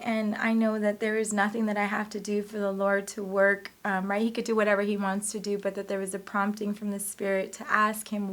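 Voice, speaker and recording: A woman's voice: mid-range voice, normal speed, few pauses. A woman in her forties giving an earnest, emotional personal testimony in an interview. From United States. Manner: emotional, earnest, animated retelling.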